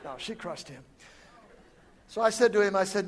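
High-voiced animated male preacher. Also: moderate pace. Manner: animated storyteller who acts out dialogue. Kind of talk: storytelling sermon.

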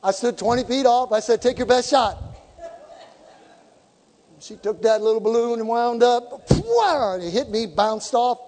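A man preaching a sermon, telling stories and acting out dialogue, sometimes shouting for emphasis. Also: extremely high pitch, expressive, moderate pace, few pauses. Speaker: pastor. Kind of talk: sermon with storytelling. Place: church sanctuary. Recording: hall reverb.

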